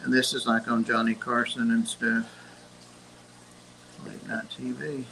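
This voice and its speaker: A man's voice: medium pitch, level tone, unhurried, vocal fry, bright, forceful tone, a little hiss or hum, rough recording. An older man co-hosting a livestream, chatting casually and telling rambling stories from his younger days. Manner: rambling, reminiscing storyteller. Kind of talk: casual chat.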